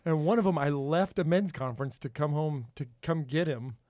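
A man hosting a podcast in casual chat, animated and laughing often. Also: fairly high pitch, normal speed, slight background noise. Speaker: podcast host.

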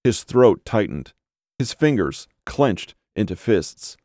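A man reading a horror story aloud in a measured, steady storytelling manner, on a close microphone. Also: fairly low pitch, no echo. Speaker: audiobook narrator. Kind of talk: scripted horror narration.

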